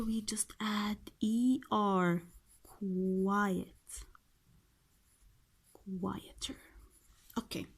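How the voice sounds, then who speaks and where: A woman's voice: mid-range voice, slightly rough. A woman teacher with an Arabic accent going through a grammar workbook, repeating each word and answering her own questions. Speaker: English teacher.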